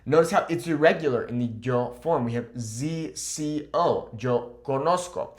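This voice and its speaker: A man's voice: on the high side, moderate pace. A man teaching a Spanish grammar lesson at a whiteboard, upbeat and emphatic, checking in with "okay?" after almost every point.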